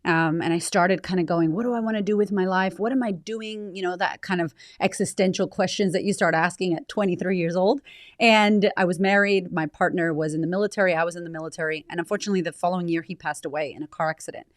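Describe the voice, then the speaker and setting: A woman in her thirties, talking frankly and reflectively as an interview guest, with quick bursts and casual swearing. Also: lowish voice, steady tone, no echo, clean studio sound. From United States. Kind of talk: candid conversational interview.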